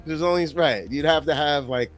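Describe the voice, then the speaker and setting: Man in his fifties, podcast co-host, rambling profane storyteller, slightly high voice, faint music behind. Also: moderate pace. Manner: rambling, profane, acts out quotes. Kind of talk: casual chat, storytelling.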